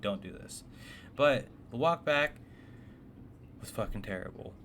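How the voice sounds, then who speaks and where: A man's voice: medium pitch, lively intonation, unhurried, a bit bright. A man casually narrating a personal story, blunt and swearing often, with a faintly noisy background. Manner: blunt, profane, exasperated.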